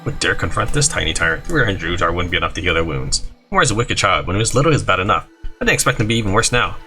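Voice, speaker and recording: Soft background music plays as a man with a low voice talks rapid-fire through a video game. A gaming YouTuber, he reads the dialogue aloud with animation, bouncing between character voices and asides.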